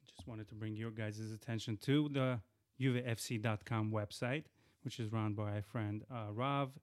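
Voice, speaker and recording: A man hosting his podcast alone, chatting loosely about the show and giving shout-outs, often restarting his sentences. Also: fairly low pitch, steady tone, normal speed. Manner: chatty, rambling with frequent restarts. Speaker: podcast host. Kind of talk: casual solo podcast intro.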